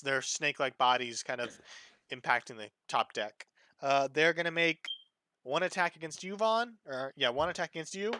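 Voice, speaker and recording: A man's voice: a little high, pushed and bright, no echo. A man acting as dungeon master, casually narrating a tabletop game with plenty of fillers.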